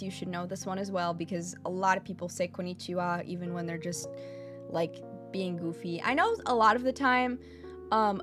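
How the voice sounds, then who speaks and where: A woman hosting a laid-back livestream lesson at an average pitch. She is blunt and teasing, throws in the odd swear word, and keeps asking "okay?" to check her viewers are following. A guitar plays softly in the background. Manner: repeats phrases for emphasis. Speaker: VTuber streamer teaching Japanese.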